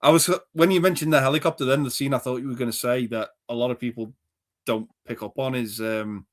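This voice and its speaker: Male co-host, relaxed and agreeable, chatty conversational delivery. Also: medium pitch, quick pace. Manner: easygoing, agreeable, many "yeah"s. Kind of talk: casual chat.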